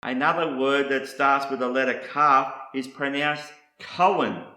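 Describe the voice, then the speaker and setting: A man teaching Bible word meanings in a deliberate, scripted way, setting out one meaning after another. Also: medium pitch, level tone, bright, forceful tone, roomy sound.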